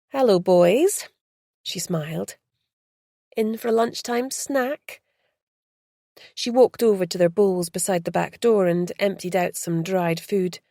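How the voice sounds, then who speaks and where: A woman narrating an audiobook in a steady, measured way. Her voice sits low and has a gravelly fry. The recording is close and completely dry. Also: no room sound. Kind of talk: scripted narration.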